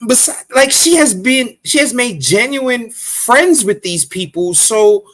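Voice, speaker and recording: A man's voice: extremely high pitch, expressive, slow, a bit bright. A man co-hosting a casual podcast, blunt and profane, talking emphatically. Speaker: podcast co-host.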